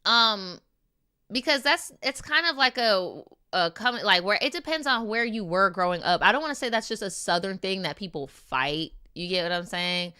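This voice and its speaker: A woman streamer reading viewer stories aloud and reacting in a casual, slangy, animated way. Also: medium pitch, normal speed, smooth. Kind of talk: casual chat and story reading. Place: lives in New York.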